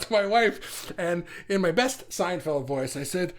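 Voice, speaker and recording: A man's voice: fairly high pitch, expressive, fairly quick, slight background noise. A middle-aged man with a New York accent, hosting a casual live chat, reading viewer comments aloud, laughing often and stumbling over his words.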